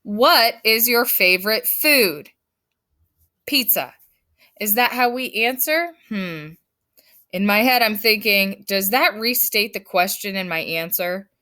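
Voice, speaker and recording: A woman's voice: mid-range voice, animated, unhurried, bright, forceful tone. A woman teaching her fifth grade class in a recorded lesson, firm and emphatic as she explains step by step.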